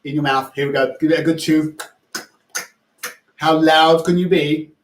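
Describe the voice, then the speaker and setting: Upbeat man leading warm-ups in an echoey room. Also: fairly high pitch, steady tone, normal speed, slight background noise. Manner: upbeat, playful, coaxing instructions. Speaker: primary school music teacher.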